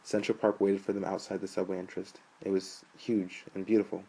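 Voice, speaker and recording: A man reads a novel aloud in a steady, storytelling manner. His voice sits low and calm throughout the narration. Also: a little fast, creaky, slightly rough, low-quality recording. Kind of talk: audiobook narration.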